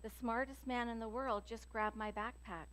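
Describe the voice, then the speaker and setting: A woman's voice: on the high side, steady tone, normal speed, very noisy, lightly acted. A woman voicing a cheeky young boy in a joke she tells, delivering the punchline matter-of-factly. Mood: deadpan.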